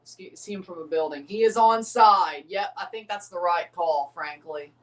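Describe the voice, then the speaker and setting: A livestream host with a fairly high, fairly bright voice reacts to a match in a casual live watchalong, speaking at normal speed. He's chatty, answers viewers in chat, and circles back to repeat the same points and phrases. He sits a little back, far from the mic.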